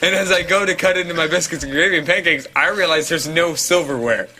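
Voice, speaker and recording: A man's voice: on the high side, fast talker, noisy background. A young man co-hosting a podcast, telling a story in casual, profane, filler-heavy talk and mimicking the people in it. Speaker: podcast co-host. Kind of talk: casual storytelling among friends. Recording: co-hosts laughing in background.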